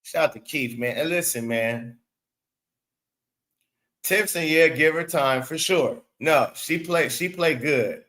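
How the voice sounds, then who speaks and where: A man's voice: fairly high pitch, slow, fairly bright tone, rough recording. A man hosting his own show, giving casual basketball commentary in blunt, profane, exasperated rants and repeating words for emphasis. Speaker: sports show host.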